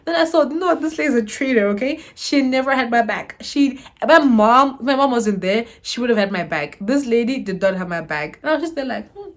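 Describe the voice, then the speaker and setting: A young woman from Zimbabwe, a YouTuber telling a storytime to her viewers in an animated, dramatic way. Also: fairly high pitch, fairly quick, few pauses. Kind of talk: storytime vlog.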